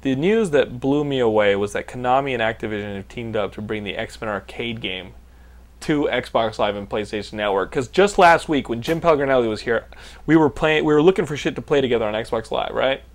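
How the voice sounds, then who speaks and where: A man's voice: medium pitch, fairly quick. A man in his thirties from Texas, hosting a casual podcast and telling rambling, profane stories that he laughs through. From Texas, United States. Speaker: podcast host. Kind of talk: casual podcast chat and storytelling.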